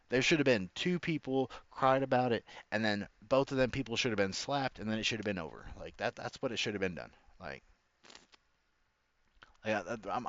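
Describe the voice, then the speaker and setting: A man's voice: fairly low pitch, fairly bright tone, clear, resonant tone, no room sound, dull audio. A man ranting casually in a reaction video, rambling and slangy. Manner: rambling, slangy, keeps saying bro. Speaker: commentator.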